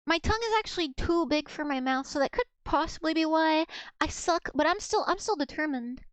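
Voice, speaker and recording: A woman's voice: high-pitched, expressive, brisk, no echo. A young woman streaming casually, giggling and repeating practice words over and over as she learns to pronounce them.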